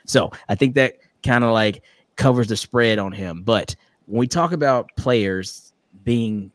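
A man's voice: mid-range voice, a little slow, no room sound. A man hosting a casual sports podcast, playful and teasing with his co-hosts. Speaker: podcast host.

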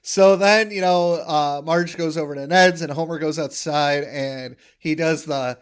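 Animated man recapping a cartoon episode. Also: a little high, moderate pace, few pauses, smooth. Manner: animated, acts out quoted lines. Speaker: podcast co-host. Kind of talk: casual chat.

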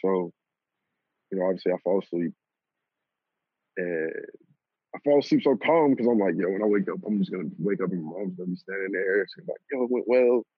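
A young man casually telling a personal story, animated and swearing and laughing at himself. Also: sits low, a little fast, long pauses, breathy edge, no echo. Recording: lo-fi phone-like audio.

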